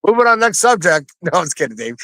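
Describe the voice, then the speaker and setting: High, lively joking man on a call. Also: quick pace, no room sound. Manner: joking, profane, laughing often. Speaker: co-host. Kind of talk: casual chat. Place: in a pool. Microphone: video call.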